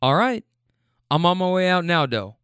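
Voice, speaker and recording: A man's voice: sits high, very animated, moderate pace, a bit bright, clear, resonant tone, no room sound, studio quality. A man voicing a weary grown man who answers in plain, clipped street talk. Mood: matter-of-fact. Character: weary grown man leaving a bad living situation.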